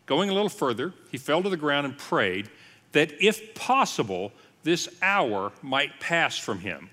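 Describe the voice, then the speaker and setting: A man's voice: mid-range voice, lively intonation, normal speed, pushed and bright, long reverb tail. A man, a pastor, teaching a Bible passage in a sermon style, telling the story with casual asides and voicing the quoted lines.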